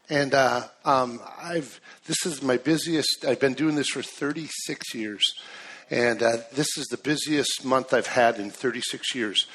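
Man in his fifties, guest preacher, high bright voice, slightly husky, churchgoers faintly behind. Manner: excitable, chatty, lots of restarts and laughs. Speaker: guest speaker. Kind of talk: sermon with storytelling.

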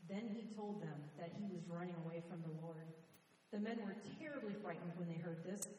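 A woman reading scripture aloud to a congregation with clear, measured delivery. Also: on the low side, dark tone, slight background noise. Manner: clear, measured reading with dramatic emphasis on quotes. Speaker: scripture reader. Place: church sanctuary. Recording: echoey hall from far off.

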